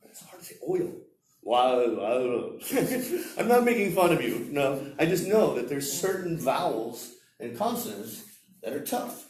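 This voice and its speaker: A man teaching English at a seminar, lecturing slowly and demonstrating example sentences aloud. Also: fairly high pitch, very animated, a little mellow, slight background noise. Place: seminar room. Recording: roomy echo, heard from far off.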